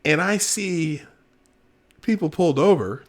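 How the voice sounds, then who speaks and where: At a measured pace and in a slightly high voice, a middle-aged host from Minnesota in the United States runs a live show. His commentary is animated and emphatic, with laughter mixed in.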